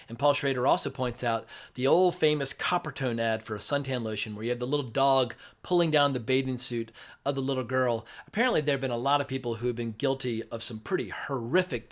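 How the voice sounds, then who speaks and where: A man talks through a film review in a relaxed, conversational way while fighting a head cold. His voice is nasal and congested, and he pauses now and then to find his words. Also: mid-range voice. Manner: thoughtful, conversational, some restarts while musing. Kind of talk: casual spoken film review.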